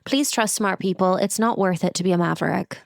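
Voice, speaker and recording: A woman's voice: lowish voice, a little fast, vocal fry, no echo, studio quality. Wry woman co-hosting a podcast. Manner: wry, with frequent agreeing murmurs. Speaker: podcast co-host. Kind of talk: casual recap chat.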